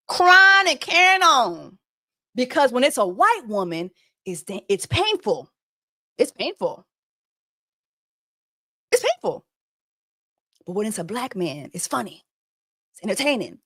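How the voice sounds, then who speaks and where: A woman's voice: medium pitch, no echo, studio quality. A woman hosting a reaction commentary, talking emphatically and repeating phrases to drive her point home. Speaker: host.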